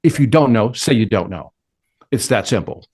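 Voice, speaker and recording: A man's voice: fairly low pitch, lively intonation, normal speed, darkish tone, husky. A middle-aged man answering interview questions with energy, acting out quotes and his own inner talk. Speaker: sales speaker and interview guest.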